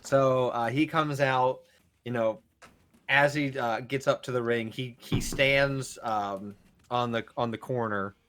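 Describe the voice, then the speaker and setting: A man running a tabletop game as dungeon master, narrating in a rambling, animated way full of fillers. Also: mid-range voice, takes it slowly.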